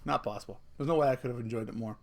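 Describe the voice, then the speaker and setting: A man's voice: mid-range voice, rapid-fire, creaky. A middle-aged man vlogging a casual rant, telling a story with swearing and laughing at himself.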